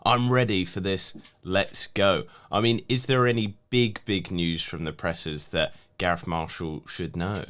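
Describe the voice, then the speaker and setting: Low-voiced man hosting a casual stream. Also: unhurried, hardly any pauses, clean tone. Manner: relaxed, chatty, laughs easily. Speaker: stream host reading viewer questions. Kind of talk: casual live-stream chat. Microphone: video call.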